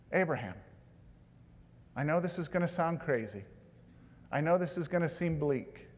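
Male pastor preaching, a bit high-pitched, swings between hushed and emphatic, long reverb of a big church hall. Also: lively intonation, moderate pace, long pauses. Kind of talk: sermon.

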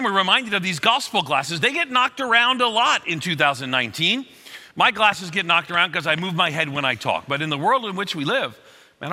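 A man's voice: on the high side, big-room sound. A middle-aged man preaching a sermon as a pastor, telling stories with acted-out quotes. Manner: animated storytelling with acted quotes.

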